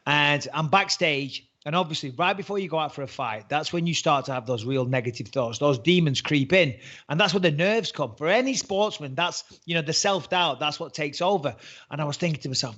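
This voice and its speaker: A man's voice: a little high, fairly quick, fairly bright tone. A man in his forties with a Northern English accent, telling his story as an interview guest in a chatty, jokey way. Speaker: interview guest, former fighter turned commentator. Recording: muffled lo-fi audio.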